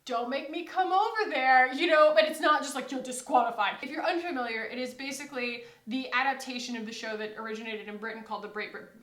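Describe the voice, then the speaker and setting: A young adult woman from the United States chatting casually to camera as a vlogger, rambling and quoting people in animated asides. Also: fairly high pitch, fast talker, hardly any pauses, roomy sound. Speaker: beauty vlogger.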